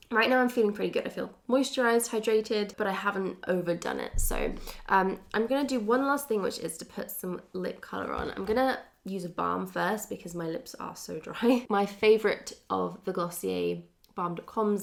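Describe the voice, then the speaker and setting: Woman vlogger, sick-day nasal voice with gravelly fry, rambling and chatty. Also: medium pitch. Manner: chatty, rambling, laughs often. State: congested, nasal from a cold. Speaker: beauty vlogger. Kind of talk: casual get-ready-with-me chat.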